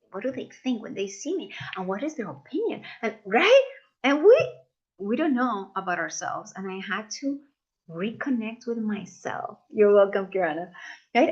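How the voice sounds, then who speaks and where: A woman leading a live masterclass, talking warmly to her audience and acting out the voices people use on themselves. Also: fairly high pitch, lo-fi sound. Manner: expressive, acts out inner voices, addresses audience as "you guys". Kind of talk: live online masterclass talk.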